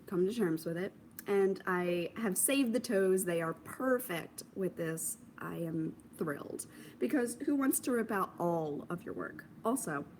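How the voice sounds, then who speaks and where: A young woman hosting a knitting podcast, chatting casually while showing her projects, amused at herself and dropping into soft asides. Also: mid-range voice, slight background noise. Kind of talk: casual show-and-tell chat to camera.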